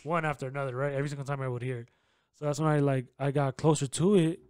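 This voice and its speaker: A man's voice: mid-range voice, steady tone, quick pace, darkish tone, clear, resonant tone. A man in casual podcast chat, teasing his friends and telling stories in a laid-back, profane way.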